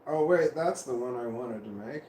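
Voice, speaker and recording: A man's voice: mid-range voice, expressive, normal speed, darkish tone. Coughing middle-aged man, meandering casual self-talk, roomy phone recording, faint room hum. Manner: meandering, self-correcting, chuckling to himself. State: coughing repeatedly. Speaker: vlogger livestreaming. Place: home room with a fan running.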